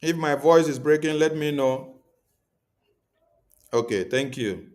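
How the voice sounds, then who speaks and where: A man's voice: fairly high pitch, takes it slowly, a little mellow. A man hosting a livestream, speaking emphatically and repeating his points to viewers. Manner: emphatic, repetitive, preaching tone. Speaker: livestream host.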